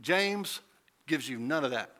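A man's voice: medium pitch, animated, unhurried, bright, forceful tone. A man preaching a conversational sermon, asking rhetorical questions and building to emphatic points. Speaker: pastor.

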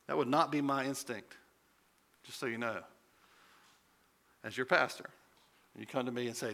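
A pastor delivers a sermon in a relaxed, conversational way. His voice is very bright and forceful. He rises to loud, emphatic peaks. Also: medium pitch, unhurried, creaky, pauses often.

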